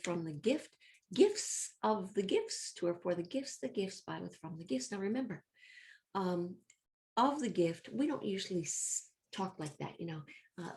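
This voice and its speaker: A woman with a lowish, darkish voice teaches children a recorded Latin review lesson. She is upbeat and encouraging, speaking straight to the kids and chanting word forms rhythmically.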